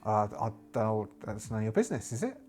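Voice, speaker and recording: A surly, evasive prisoner who keeps his answers short and defensive, as a man puts him on. His voice sits a little lower, and he brushes off questions dismissively. Faint music plays behind. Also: very animated, quick pace, darkish tone.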